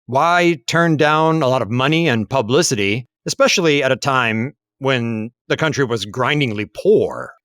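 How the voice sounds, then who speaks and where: A man co-hosting a history podcast, talking in a relaxed, musing way with frequent fillers. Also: medium pitch, moderate pace, few pauses, no room sound. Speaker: podcast co-host. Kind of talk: casual history podcast chat. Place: lives in Taiwan.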